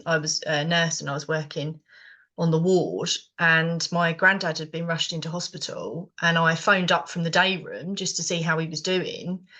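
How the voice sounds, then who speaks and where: This middle-aged British woman has a lowish, somewhat bright voice and a British English accent. Co-hosting a podcast, she chats casually and rambles, with many fillers and frequent restarts.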